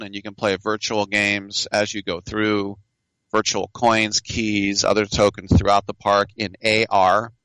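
Bright, dry-voiced male radio host. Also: on the low side, clean tone, dry recording, rough recording. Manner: rambling, jokey, many fillers. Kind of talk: casual radio talk.

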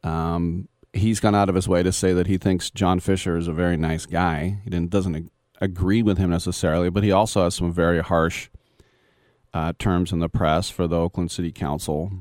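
A man's voice: deep voice, little pitch movement, normal speed, darkish tone, dry recording, clean studio sound. A man in his fifties, a sports radio host, telling rambling anecdotes in a casual monologue, chuckling and quoting people as he goes. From Bay Area.

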